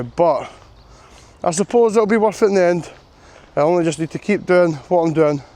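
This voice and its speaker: Man, vlogger, worn out outdoors, fairly high pitch, chatty and self-mocking. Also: a little mellow. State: tired and sore from long walk. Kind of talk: walking vlog to camera. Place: outdoors on a coastal path.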